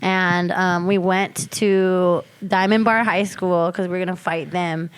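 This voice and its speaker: A woman's voice: on the low side, steady tone, a little slow, clear, resonant tone, dry recording. Young woman rambling on a podcast, kinda swears a lot, dead dry sound. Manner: loose, swearing, rambling storytelling. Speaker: podcast co-host. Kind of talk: casual chat.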